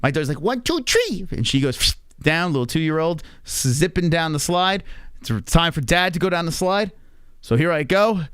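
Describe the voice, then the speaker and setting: A man in his thirties hosting a live stream, telling rambling, profane anecdotes in a casual, animated way. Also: a little high, moderate pace, smooth, no room sound, clean studio sound. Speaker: stream host.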